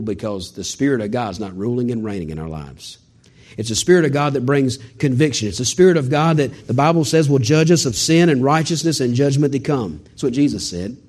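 Preacher, dramatic and animated. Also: male voice, on the high side. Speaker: pastor. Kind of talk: sermon.

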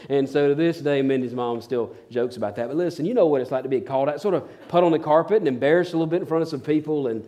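A man's voice: a little high, fast talker, hardly any pauses, warm tone. A man preaching a sermon, telling stories in a folksy, rambling way with fillers and restarts. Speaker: pastor.

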